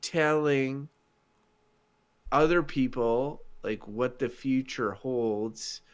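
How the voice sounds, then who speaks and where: A man co-hosting a podcast in casual chat, deadpan and rambling. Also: medium pitch, extremely slow, clean tone. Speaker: podcast co-host.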